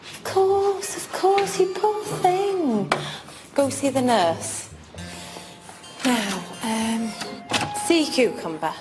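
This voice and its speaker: A prim fussy schoolteacher. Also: female voice, sits high, animated, drawn-out words, long pauses, exaggerated voice. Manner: prim, gushing teacherly tone. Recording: TV clip with music under it. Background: music.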